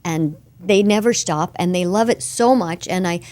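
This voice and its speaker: A woman voice actress being interviewed, telling animated stories from her career in a casual chat. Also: lowish voice, normal speed. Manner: animated storyteller, slips into character voices. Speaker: voice actress guest.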